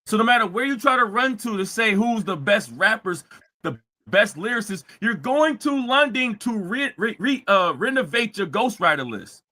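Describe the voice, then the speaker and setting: Bright-voiced man ranting on a stream. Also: high-pitched, sing-song, normal speed. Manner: heated, mocking, repetitive ranting with frequent shouting. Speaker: show host. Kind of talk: live-streamed commentary rant.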